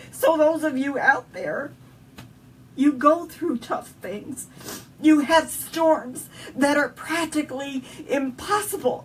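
A woman with a Southern US accent, her voice high and fairly bright, shares an emotional personal story as an interview guest, speaking earnestly and from the heart. The mic is distant, with faint background noise.

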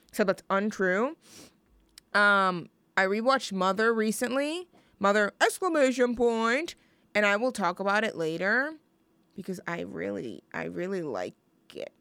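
A woman's voice: mid-range voice, expressive, a little slow, pushed and bright, smooth, no echo. A young woman hosting a student radio show, chatting casually between songs in a rambling, self-deprecating, jokey way. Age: young adult.

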